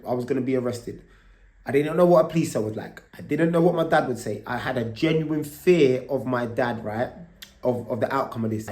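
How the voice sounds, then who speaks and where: A man's voice: medium pitch, roomy sound. A man, telling a story to his vlog camera in a loose, casual way. He swears freely and keeps tagging lines with "right?". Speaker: vlogger.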